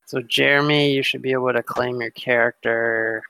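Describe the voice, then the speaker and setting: A man's voice: mid-range voice, steady tone, normal speed, creaky, bright, forceful tone, a little hiss or hum, rough recording. A man running a tabletop game as game master, talking in a laid-back, casual way with some swearing.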